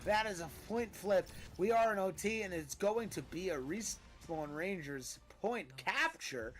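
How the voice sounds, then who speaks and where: High-voiced man calling esports plays. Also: animated, a bit bright, soft background music. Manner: hype-driven, quick calls of plays and player picks. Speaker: esports caster. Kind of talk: play-by-play esports commentary.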